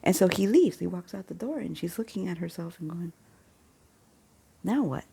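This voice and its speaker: A woman casually retelling a film plot, an animated storyteller who chuckles and drops into hushed asides. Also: on the low side, fast talker, gravelly, a little hiss or hum. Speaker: faith channel host.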